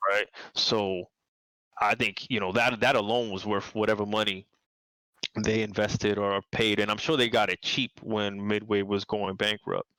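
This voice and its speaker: A man talks as the guest in a casual interview. He rambles and repeats words, and his voice is low and smooth. The sound is dry and close. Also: little pitch movement, moderate pace, sharp tone, dry recording, poor audio. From New York City. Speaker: podcast guest, game designer.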